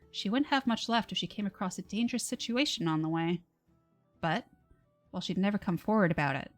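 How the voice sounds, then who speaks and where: A woman reading her own fantasy novel on a livestream, with soft, measured narration and casual asides. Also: mid-range voice. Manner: soft, measured narration, laughs between passages.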